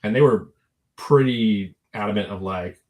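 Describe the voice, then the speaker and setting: A man's voice: on the low side, unhurried, a little mellow. A man talking through a video call as a guest, thoughtful and modest, with many fillers. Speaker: guest toy sculptor. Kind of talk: casual chat.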